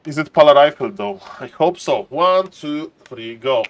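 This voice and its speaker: A man's voice: a little high, unhurried, few pauses. Guy casting a strategy game live, big announcer vibe, a bit non-native english, goes from chill to freaked out. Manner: showy announcer style, keeps saying "ladies and gentlemen"; swings between calm play-by-play and excited, rising alarm. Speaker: game caster and streamer.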